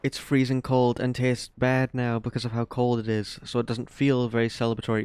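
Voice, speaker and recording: A man giving casual, rambling gameplay commentary as a let's play host, quick to marvel at what he sees. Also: mid-range voice, completely flat delivery, a little mellow, clean tone, no room sound. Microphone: desk microphone. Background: faint game music.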